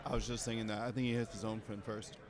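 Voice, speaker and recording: A man co-commentating a tabletop game match live, analytical and quick to weigh in. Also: on the low side, little pitch movement. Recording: busy crowd chatter behind.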